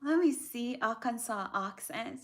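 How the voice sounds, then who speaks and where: A young woman talking to viewers on a casual livestream, friendly and easy to laugh. Her voice sits a bit high, and she takes her time with unhurried, drawn-out phrases. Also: animated. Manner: chatty, laughs easily, talks to viewers. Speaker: livestream host.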